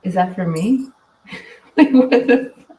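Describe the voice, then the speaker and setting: A woman's voice: medium pitch, expressive, unhurried, dark tone. A woman hosting a casual livestream, chatting and reading viewer comments with frequent laughs. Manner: chatty, laughs often, tired and winding down. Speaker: livestream host. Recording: echoey room, mic at a distance.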